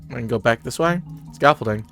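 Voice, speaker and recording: A man's voice: medium pitch, lively intonation, brisk, vocal fry. A man who is under the weather, giving casual, chatty gameplay commentary and reading game text aloud. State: under the weather, chapped lips. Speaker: let's-play gamer. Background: music.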